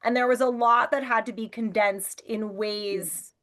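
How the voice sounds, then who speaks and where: Woman curator, host; slightly high-pitched, eager and friendly in conversation. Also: steady tone, a little slow, a bit bright. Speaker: museum curator, interview host. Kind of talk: hosted interview conversation.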